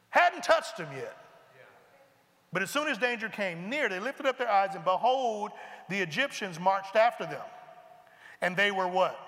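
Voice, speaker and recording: A man preaching a sermon, reading scripture aloud and explaining it in animated, conversational asides. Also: sits high. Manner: animated, conversational, breaks into asides and mimics characters. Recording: long reverb of a large hall.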